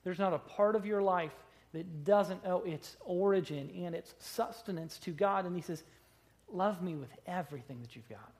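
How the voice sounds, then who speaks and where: A man preaching a sermon, conversational with rhetorical questions, swinging between loud stressed words and quiet asides. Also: high-pitched, normal speed. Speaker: pastor.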